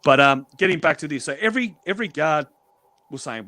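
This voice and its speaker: A man's voice: fairly high pitch, animated, brisk, pushed and bright, dry recording. Blunt, profane man telling stories. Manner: blunt, profane, acts out quoted exchanges. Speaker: stream guest telling prison stories. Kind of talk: casual storytelling.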